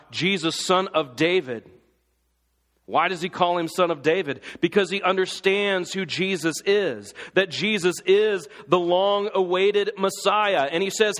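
A man's voice: high voice, a bit bright. A man preaching a sermon, impassioned and full of rhetorical questions. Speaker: pastor. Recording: long hall reverb.

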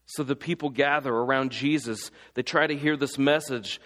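A man's voice: medium pitch, fairly even intonation, normal speed, a bit bright. A man preaching a sermon, impassioned and full of rhetorical questions. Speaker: pastor. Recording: long hall reverb.

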